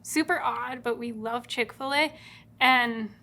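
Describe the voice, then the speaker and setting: A woman's voice: fairly high pitch, measured pace, sharp tone. A young woman from California telling the story of her engagement in a studio, bubbly and giggly, acting out her own and her partner's words. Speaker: bride-to-be telling their love story. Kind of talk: casual storytelling on camera. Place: video studio.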